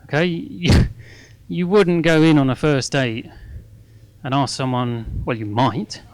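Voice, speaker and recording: Measured in pace, with a mid-range voice and fairly even intonation, this middle-aged guest speaker at a fundraising masterclass gives a live talk with no echo. His delivery is chatty and self-deprecating, punctuated by "okay?".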